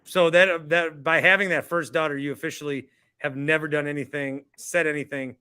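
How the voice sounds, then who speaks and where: Male show host, higher bright voice, joking and teasing tone. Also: fairly even intonation, brisk, smooth, no room sound, clean studio sound. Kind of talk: casual call-in chat.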